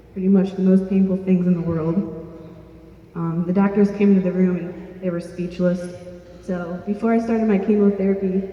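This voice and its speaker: A young woman earnestly telling her own story to an audience, plain-spoken with small restarts. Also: medium pitch. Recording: distant, dull-sounding mic in an echoey hall.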